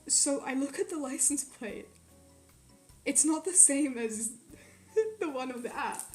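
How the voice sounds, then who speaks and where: A young woman from Quebec telling a story in a casual, animated way, swearing often and filling it with "like". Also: high voice, measured pace, reverberant. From Quebec, Canada. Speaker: streamer. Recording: faint music behind.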